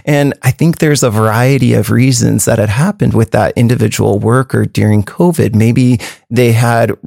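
A man's voice: medium pitch, steady tone, moderate pace, creaky, a little mellow, no echo, studio quality. A man, a program manager, explaining things earnestly, often restarting his sentences. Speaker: workforce program manager, guest. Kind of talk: conversational interview.

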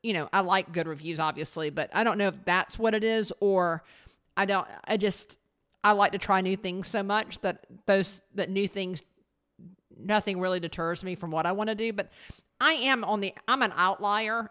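Woman, business owner, casual talk, animated storytelling, many restarts. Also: mid-range voice, normal speed. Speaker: podcast guest, business owner.

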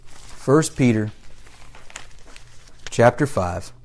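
A man preaching a sermon with emphatic, drawn-out phrasing and dramatic pauses, reading scripture aloud in a raised voice. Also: medium pitch, expressive, darkish tone.

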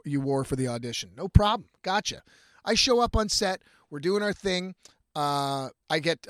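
High-pitched male storyteller, cusses freely, animated, acts out every quote. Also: dry recording, clean studio sound. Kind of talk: profane casual storytelling.

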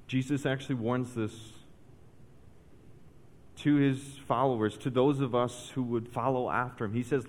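A man preaching a sermon as pastor, telling a story with lively emphasis and then dropping to soft, intense points. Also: mid-range voice, moderate pace. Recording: long reverb of a large hall.

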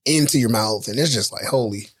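A middle-aged man hosting a casual podcast, talking in animated stories full of swearing and sound mimicry. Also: a little high, a little fast, husky. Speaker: podcast host. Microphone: studio headphones and mic.

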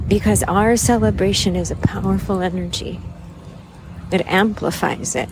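A woman hosting a podcast, giving a measured, contemplative monologue that sometimes drifts into soft whispers. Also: mid-range voice. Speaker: podcast host. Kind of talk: slow reflective monologue. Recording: background noise.

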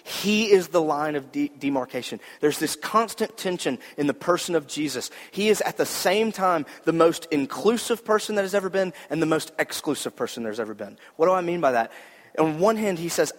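A man's voice: a little high, brisk. A man preaching a sermon in an earnest, conversational way, repeating key lines for emphasis. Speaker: pastor. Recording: hall reverb.

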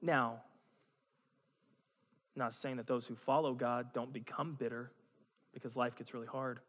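Animated preacher in an echoing hall. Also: male voice, mid-range voice, unhurried. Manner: conversational, joking asides, animated. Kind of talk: sermon.

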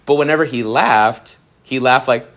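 A young adult man giving a youth sermon in a casual, animated way, with many fillers. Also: medium pitch, moderate pace, heavy background noise. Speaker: youth pastor.

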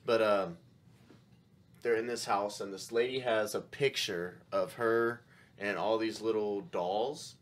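A man's voice: fairly low pitch, a little hiss or hum. A man as a podcast guest, chatting casually and agreeing often. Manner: chatty, agreeable, lots of quick yeahs. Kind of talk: casual chat.

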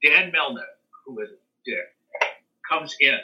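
Older man telling an animated story. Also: medium pitch, measured pace, poor audio. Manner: animated storyteller, acts out quotes and sings dance beats. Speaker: interview guest. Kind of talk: casual storytelling.

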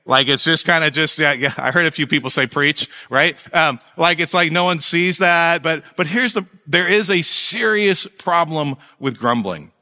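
Animated male pastor in a reverberant hall. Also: a little high, moderate pace, few pauses. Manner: conversational, animated preaching with jokes and asides. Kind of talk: sermon.

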